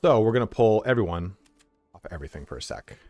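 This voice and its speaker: Big swings in pitch mark this man's somewhat low, slightly mellow voice, and he talks quickly with faint music in the background. It's relaxed live-stream chatter over a strategy game at home, full of cursing, with pauses in the play-by-play to command his dog.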